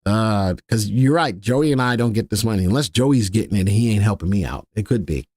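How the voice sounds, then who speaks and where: A man's voice: on the low side, animated, brisk, a little mellow, dry recording, clean studio sound. A man hosting a live stock-analysis stream, chatting casually with viewers and crew and repeating his key points. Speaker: livestream stock analyst host.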